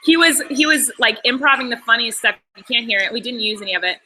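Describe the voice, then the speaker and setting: A woman's voice: a little high, lively intonation, fast talker, pushed and bright, slight background noise, poor audio. A young woman chatting casually on a live stream, gushing over behind-the-scenes stories with apologetic asides. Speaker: show creator and host.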